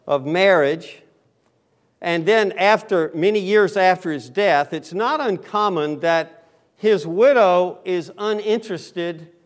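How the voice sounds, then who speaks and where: A man in his sixties with a Southern US accent, a guest pastor telling a folksy story and preaching through a face mask, with plenty of ums and uhs. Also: high voice. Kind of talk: sermon. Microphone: speaking through a face mask.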